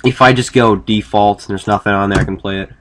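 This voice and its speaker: A man talking through a casual screen-recorded software tutorial, rambling and correcting himself as he goes. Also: lowish voice, steady tone, fast talker. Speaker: video tutorial maker.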